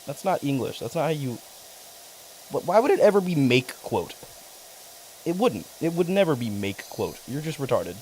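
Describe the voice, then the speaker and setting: Excitable young man streaming, lively pitch. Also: moderate pace, long pauses, a little hiss or hum. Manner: rambling, profane, excitable. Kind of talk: casual livestream chat.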